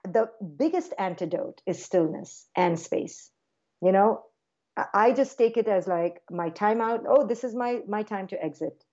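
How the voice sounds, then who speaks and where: A woman guest speaks in a relaxed, conversational way, and her voice sounds warm and mellow. She jumps up into lively little quoted voices as she talks. The recording is slightly muffled and lo-fi. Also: mid-range voice, measured pace. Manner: animated, acts out parent and child voices in quotes. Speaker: clinical psychologist guest. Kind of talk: conversational interview.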